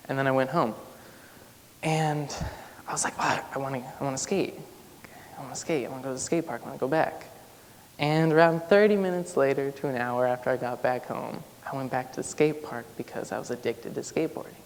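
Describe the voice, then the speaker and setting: A young male student on stage tells a personal story in a casual style, with a lot of "like" fillers. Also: mid-range voice. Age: young adult. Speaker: student speaker. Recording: long hall reverb, faint noise.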